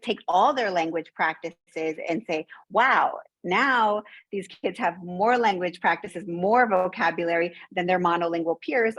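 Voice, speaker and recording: A woman's voice: mid-range voice, fairly bright tone, dry recording, rough recording. A woman from the Soviet Union, raised in the United States, with an American accent, speaking as a panelist in a conversational way and often tagging her points with "right?". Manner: conversational, frequent "right?" tag questions. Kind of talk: academic panel discussion.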